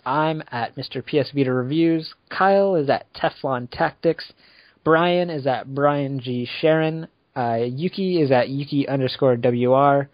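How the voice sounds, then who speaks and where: A man's voice: mid-range voice, a little slow, no echo. A man hosts a casual podcast, loose and rambling, with fillers between his thoughts. His voice is recorded dry and close. The sound is dull and lo-fi. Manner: relaxed, rambling with fillers and laughs. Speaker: podcast host. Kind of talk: casual chat.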